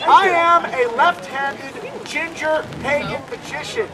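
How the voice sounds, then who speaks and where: High-voiced man joking live to a crowd. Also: unhurried. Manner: joking, banters with the audience. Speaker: street magician and comic. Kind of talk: live stand-up magic act. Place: outdoor fair stage. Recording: loud crowd around an outdoor show.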